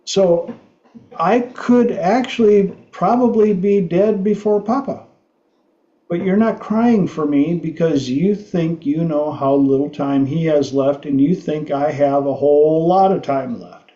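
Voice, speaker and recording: A middle-aged man hosting a livestream talk show, telling stories slowly with frequent restarts. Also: a little high, warm tone, echoey room, lo-fi sound. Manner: slow, halting storytelling with restarts. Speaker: podcast host.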